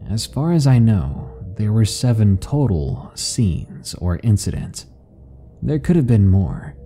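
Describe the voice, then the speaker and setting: A man narrating a horror story in a calm, measured, ominous delivery. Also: lowish voice. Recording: faint background music.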